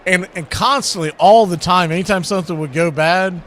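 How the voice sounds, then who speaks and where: A man calling baseball play-by-play on an internet radio stream, trading pitch calls for chatty stories and laughing as he tells them. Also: brisk, fairly bright tone, slight background noise. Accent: American. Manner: chatty, laughs while telling anecdotes. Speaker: play-by-play announcer. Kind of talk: play-by-play commentary mixed with storytelling.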